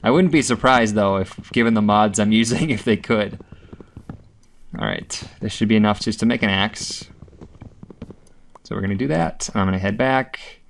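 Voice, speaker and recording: A man with a fairly low voice talks casually through his gameplay. He rambles from one task to the next, with filler ums and a loose, profane tongue. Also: normal speed, gravelly, pauses often, a little hiss or hum. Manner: chatty, rambling, with frequent swearing and filler ums. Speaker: gameplay video host.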